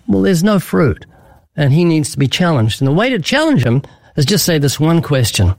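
A man's voice: on the high side, sing-song, a little fast, darkish tone, no echo. A man answering interview questions in an earnest preaching style, telling vivid stories and acting out quoted lines with emphasis. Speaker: guest evangelist.

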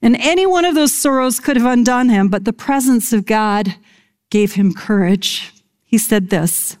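Middle-aged woman pastor, unhurried earnest sermon delivery with whispered emphasis, voice sitting a little high. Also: animated, darkish tone. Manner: earnest, slow and deliberate, dropping to a whisper on key phrases. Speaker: preacher.

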